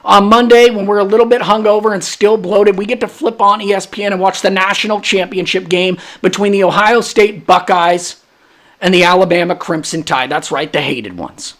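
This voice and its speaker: A man's voice: high voice, steady tone, moderate pace, fairly bright tone. A young adult man hosting a solo sports podcast, brash and hyped, trash-talking rival fans. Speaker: podcast host.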